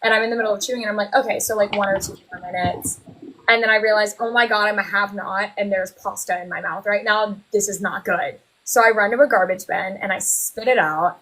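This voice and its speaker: A young woman on a livestream video call, excitedly retelling stories and laughing. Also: medium pitch, fairly quick, a little hiss or hum, poor audio. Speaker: guest, former reality show contestant. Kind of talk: casual group chat on a livestream.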